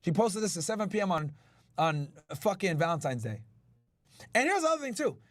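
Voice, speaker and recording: A man's voice: high voice, very animated, a little fast, dry recording. A male podcast host in casual chat with his live chat, brash and profane. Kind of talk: casual chat reacting to news.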